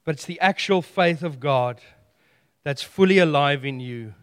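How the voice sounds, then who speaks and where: High-voiced male preacher, lively and playful. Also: unhurried, clean tone, in a large hall. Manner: animated storytelling with playful humor. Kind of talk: sermon.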